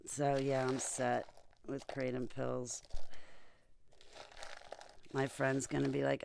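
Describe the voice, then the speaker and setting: A woman's voice: very deep voice, monotone, takes it slowly, vocal fry, long pauses, a little mellow, a little hiss or hum. A woman chatting on a video call in a rambling, blunt and emphatic way. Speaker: vlogger. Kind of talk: casual chat on a video call.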